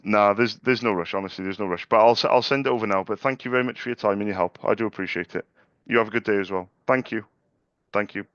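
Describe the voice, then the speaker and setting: Speaking fast in a lowish, fairly bright voice, a young man running a small business chats politely to camera in a casual vlog between live sales calls, often stammering and restarting. The audio is dull, with no echo.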